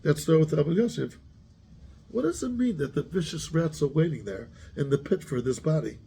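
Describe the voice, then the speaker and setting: A man's voice: on the high side, lively intonation, fairly quick, vocal fry, warm tone, a little hiss or hum. A man, a rabbi giving a Torah class who keeps asking his students questions and mixes Hebrew terms into his English.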